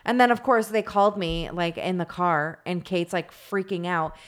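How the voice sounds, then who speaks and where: Woman, casual storyteller, animated, rambling, fillers and cursing. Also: lowish voice, moderate pace. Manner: animated, rambling, heavy use of "like" and swearing.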